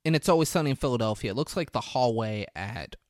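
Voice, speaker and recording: A man casually recapping a movie as a podcast host, telling it in an animated way with swearing. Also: mid-range voice, quick pace, no room sound, studio quality. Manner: animated storytelling, swearing, jumps into voices.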